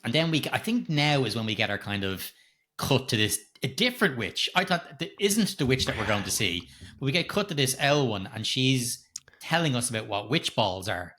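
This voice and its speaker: Bright-voiced middle-aged man. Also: medium pitch, sing-song, normal speed. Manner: swears freely, rambling, chuckles often. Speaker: podcast co-host. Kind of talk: casual film review chat.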